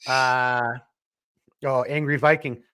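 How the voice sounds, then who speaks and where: A man's voice: medium pitch, fairly even intonation, takes it slowly, pushed and bright, clear, resonant tone. Blunt, ranting man from Minnesota. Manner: blunt, swears, worked-up ranting. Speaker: podcast co-host; small business owner. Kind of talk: casual political chat.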